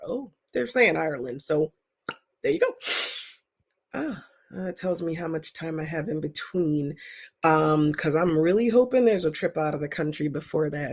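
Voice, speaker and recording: A woman's voice: low-pitched, gravelly. Woman psychic host, chatty and emphatic, live-stream readings. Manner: chatty, emphatic, animated outbursts. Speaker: psychic reader.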